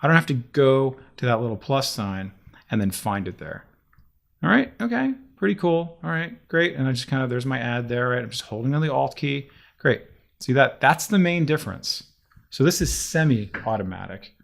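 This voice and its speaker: Walking through a screen-recorded tutorial step by step, this man explains the software to himself in a lively, talkative manner. His medium-pitched voice has vocal fry and moves at a moderate pace.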